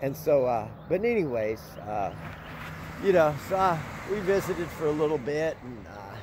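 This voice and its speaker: An older man, running an animal sanctuary and chatting casually outdoors in a rambling way, breaking into a high cooing voice for the puppies. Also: big pitch swings, normal speed, background noise. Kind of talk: casual vlog chat.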